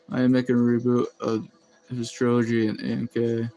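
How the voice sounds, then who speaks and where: A man's voice: medium pitch, little pitch movement, normal speed, darkish tone, soft background music. Chatty rambling male streamer. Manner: rambling, chatty, laughs often while reading chat. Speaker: live streamer. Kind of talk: casual live-stream chat. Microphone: phone.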